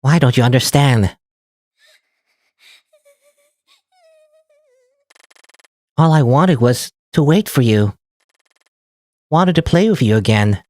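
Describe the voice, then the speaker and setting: Man doing high nasal princess girl, possessive, clingy, big swings in pitch; dry sound. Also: lively intonation, moderate pace, a little mellow, no room sound, close to an everyday voice. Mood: pleading.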